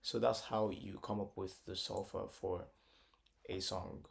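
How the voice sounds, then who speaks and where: Slow-talking man teaching solfa over guitar. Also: low voice, flat delivery. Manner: slow, repetitive, thinking aloud, sings solfa syllables to check notes. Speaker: music teacher. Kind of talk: casual music tutorial. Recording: guitar music clearly under the voice.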